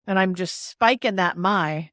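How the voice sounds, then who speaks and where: Woman, podcast host, explanatory chat, medium pitch, dry close sound. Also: unhurried, a bit bright, dry recording. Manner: explanatory, playful with stress and emphasis. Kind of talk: casual podcast discussion.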